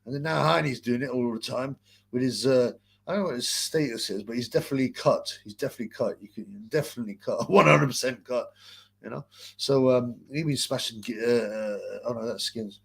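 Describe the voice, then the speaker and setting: A man's voice: mid-range voice, fairly quick, vocal fry, fairly bright tone, husky. A man hosting a casual live boxing chat, rambling and crude, with many filler sounds. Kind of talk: casual post-fight live-stream chat.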